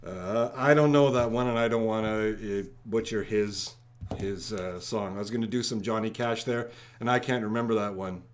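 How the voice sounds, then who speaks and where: A man hosting a live trivia stream, rattling off viewers' locations and shout-outs in an upbeat way. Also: fairly low pitch, fairly even intonation, normal speed. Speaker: trivia livestream host.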